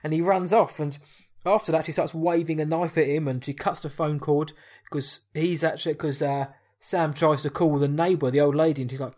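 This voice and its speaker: A man's voice: on the high side, steady tone, moderate pace, darkish tone. A man co-hosting a casual film discussion, chatty, with stumbling restarts.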